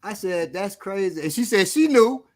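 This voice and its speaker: Here a middle-aged co-host of a casual podcast talks at a moderate pace in a high voice. Animated and quick to laugh, he shares comic stories.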